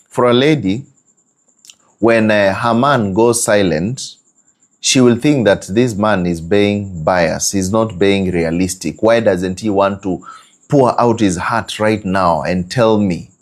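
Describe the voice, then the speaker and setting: A man's voice: fairly low pitch, slow. A man giving a conversational relationship teaching, prodding listeners with asides. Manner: conversational, repeats and prods with hmm and eh.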